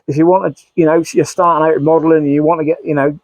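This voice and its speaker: A man's voice: a little high, flat delivery, quick pace, no echo. A man, a model railway YouTuber, chatting casually in a rambling, self-mocking way with frequent sighs. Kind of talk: casual vlog chat.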